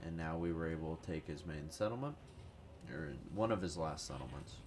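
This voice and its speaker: A gaming YouTuber with a cold talks over strategy gameplay in a rumbling low, slightly mellow voice at a fairly quick clip, with a faint hiss or hum behind him. His commentary is casual, rambling, profane and self-deprecating.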